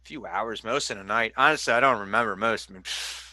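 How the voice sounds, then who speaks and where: Guy playing a cocky hungover barfly, slangy, mumbly, bright voice, dry sound. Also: lowish voice, brisk, no room sound, voice pushed down. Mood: evasive. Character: hungover young male thug, cocky barfly.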